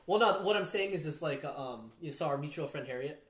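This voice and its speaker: Man, podcast host, casual, fairly high voice, short reactions. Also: expressive, fairly quick, echoey room, a crowd in the background.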